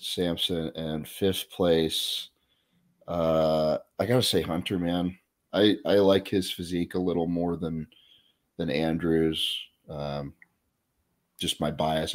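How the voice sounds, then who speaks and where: A man, a guest on a casual podcast, easygoing and chuckling, self-deprecating. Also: sits low. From United States. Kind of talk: casual chat.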